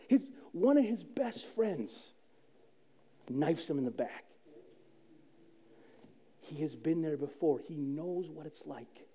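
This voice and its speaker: High, lively-voiced male pastor preaching. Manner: animated storytelling with sudden soft drops and loud quoted outbursts. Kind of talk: sermon.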